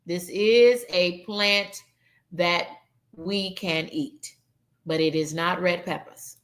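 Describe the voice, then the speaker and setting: Her voice is lowish and fairly even, and she takes things slowly. This adult woman, at least 21, hosts a casual live-streamed game night, reading viewers' answers and talking with them as "y'all."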